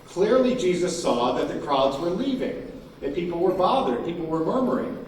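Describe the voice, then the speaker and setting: Male keynote speaker, animated, slightly high; distant, reverberant hall with faint room noise. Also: normal speed. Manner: animated, emphatic, acts out crowd quotes. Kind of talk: conference talk. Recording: echoey hall from far off, faint ambience.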